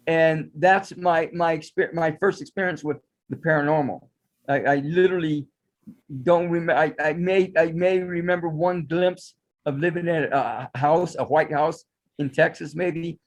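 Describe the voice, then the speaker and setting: A man with a somewhat high-pitched voice speaks as a guest in a casual interview. He tells his story in a loose, rambling way that wanders as he goes. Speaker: guest, psychic astrologer.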